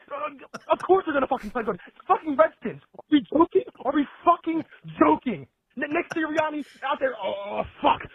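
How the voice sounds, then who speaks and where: A man calling in with a fast, stammering rant, swearing nonstop as an angry fan. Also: very high-pitched, slightly rough, no echo. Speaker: caller. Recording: tinny phone line.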